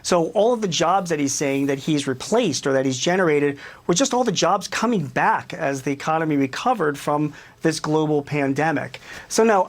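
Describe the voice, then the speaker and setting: A man speaking as a business commentator and guest on a TV news interview, animated and emphatic, with many fillers. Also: fairly high pitch.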